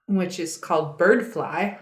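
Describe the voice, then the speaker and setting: A woman's voice: on the low side, slow pace. A woman co-hosting a podcast in casual chat, reading out facts from a web page as she talks. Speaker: podcast co-host. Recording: roomy echo.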